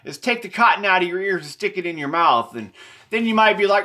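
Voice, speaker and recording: Rambling bright-voiced man explaining drawings. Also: sits high, expressive, fairly quick. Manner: meandering, repetitive, self-correcting. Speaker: presenter explaining his drawings.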